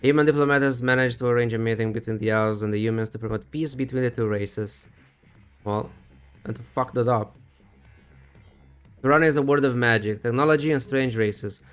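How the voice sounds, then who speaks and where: A man's voice: medium pitch, clear, resonant tone. A male streamer reading a text adventure aloud, breaking off for profane, wry asides.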